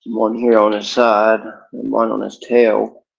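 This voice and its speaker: A man casually vlogging at home, rambling in a relaxed way about his dog. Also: measured pace, gravelly. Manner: sing-song, playful chanting with big pitch jumps; talks to his dog in a coaxing voice. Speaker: cannabis vlogger. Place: home room. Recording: dull lo-fi home recording.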